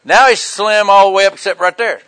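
An older man, preaching a sermon in a folksy, joking way, with loud bursts and quiet asides. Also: high-pitched, fairly even intonation, fairly quick, smooth. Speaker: pastor.

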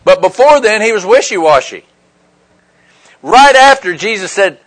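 Slightly high-voiced man preaching conversationally. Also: expressive, moderate pace, a bit bright, poor audio. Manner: conversational preaching with frequent "right?" and "okay" check-ins. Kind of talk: sermon.

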